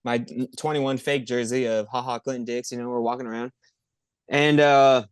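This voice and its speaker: A man co-hosting a podcast, chatting casually about football in an excitable, profane, rambling way. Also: medium pitch, normal speed, smooth, no echo, studio quality. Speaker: podcast co-host. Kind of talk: casual sports chat.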